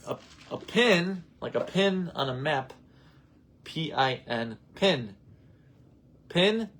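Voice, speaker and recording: A man's voice: on the high side, lively intonation, slow, a bit bright, slight background noise. A man in a cruise ship cabin, patiently explaining and lightly teasing in casual chat. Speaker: host's partner.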